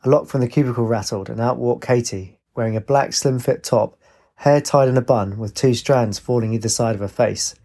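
A man narrating a story aloud at a steady, even pace. His tone is mellow and warm, without sharp edges. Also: mid-range voice, normal speed. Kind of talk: storytelling reading.

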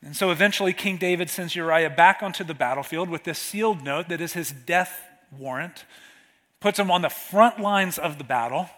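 High-voiced man preaching in a reverberant hall. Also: sharp tone. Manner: conversational preaching, slows for scripture reading. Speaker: pastor. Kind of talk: sermon.

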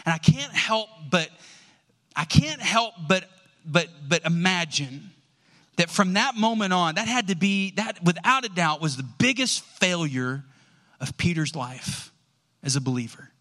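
A man preaching a sermon, telling a Bible story with lively, acted-out dialogue. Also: high voice, unhurried. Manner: animated storytelling, acts out quoted lines. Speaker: pastor.

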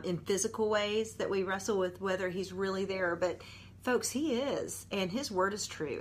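A woman's voice: medium pitch, fairly bright tone, a little hiss or hum. A woman, a nurse and mother telling a personal story as an earnest, conversational devotional talk.

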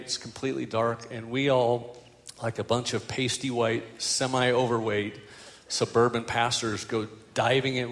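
A man's voice: mid-range voice, big-room sound. An older man preaching a sermon as a pastor, telling stories with self-deprecating humor.

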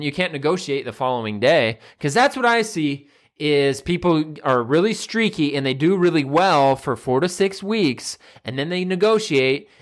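A nutrition coach and personal trainer talks straight to the camera in a casual motivational monologue. His voice sits a little higher than most men's. He slips in playful quoted voices as he goes.

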